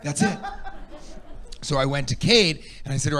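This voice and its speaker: Animated, bright-voiced male comedian. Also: mid-range voice, fast talker. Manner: animated, playful, riffing with the audience. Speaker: stand-up comedian. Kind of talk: stand-up comedy set. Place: comedy venue stage.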